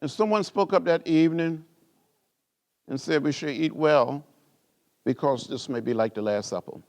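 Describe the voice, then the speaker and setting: A man speaks at a gala. His voice sits a little high, and he swings between low, quiet phrases and soaring, repeated lines in a preaching rhythm. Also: normal speed. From rural Alabama. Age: 70s. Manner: preacher-like cadence with rising repeated phrases and big pitch swings. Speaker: award honoree giving a speech. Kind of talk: speech to an audience, storytelling and oratory. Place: indoor gala event.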